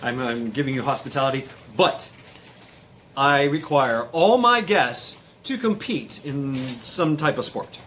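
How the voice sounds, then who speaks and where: A man voicing a huge, jovial giant king who teases his small guests in a high, lively voice. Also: measured pace, slight background noise. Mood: hearty welcome. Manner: jovial, mocking, high-pitched. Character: Utgarda-Loki, boastful mocking giant king.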